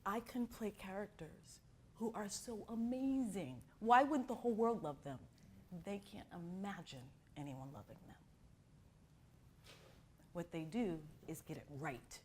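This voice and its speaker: A woman's voice: mid-range voice, measured pace, slight background noise. A middle-aged woman from Miami teaching an acting class, telling stories and acting out the voices of the people in them. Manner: expressive storyteller who acts out quotes. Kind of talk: animated class talk with acted-out anecdotes.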